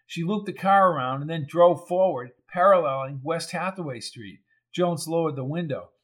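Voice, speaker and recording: A man reading a crime novel aloud in even, measured scripted narration. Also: fairly high pitch. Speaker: audiobook narrator.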